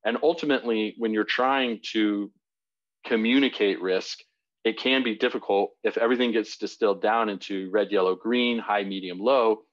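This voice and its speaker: Guy giving an online talk, low voice, kinda dull computer mic sound, lots of "you know"s. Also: steady tone, normal speed. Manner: conversational, many fillers and restarts. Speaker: webinar presenter. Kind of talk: live online presentation. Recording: dull lo-fi web audio.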